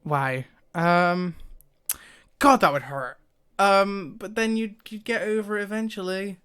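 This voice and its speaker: A man's voice: sits high, fairly even intonation, measured pace, bright, forceful tone, smooth. A man talking casually to the camera, thinking aloud with hesitations and frequent laughs. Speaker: YouTuber.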